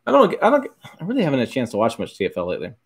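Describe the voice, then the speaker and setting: A man's voice: mid-range voice, wildly swooping pitch, racing, breathy edge. Rambling male livestream host. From Michigan. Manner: rambling, self-correcting, chuckles often. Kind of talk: casual livestream chat answering viewers.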